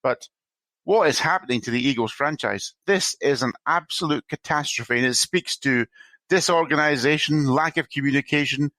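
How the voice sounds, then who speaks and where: A man's voice: fairly high pitch, moderate pace, bright, forceful tone, no room sound. A man co-hosting a sports podcast, speaking in a teasing, theatrical way. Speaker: podcast co-host. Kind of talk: casual sports chat.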